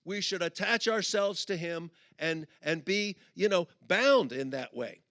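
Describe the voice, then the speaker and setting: A middle-aged man giving a humorous sermon at a conference, telling stories and acting out both sides of a couple in quick put-on voices. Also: high voice, expressive, a bit bright, no room sound, studio quality. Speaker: conference speaker. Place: conference auditorium.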